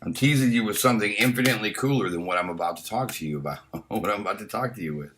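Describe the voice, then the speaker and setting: A man's voice: fairly low pitch, very fast, background noise. A man hosting a casual live stream, blunt and opinionated, swearing often, with frequent restarts, reading chat comments aloud. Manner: blunt and heavily profane, many restarts.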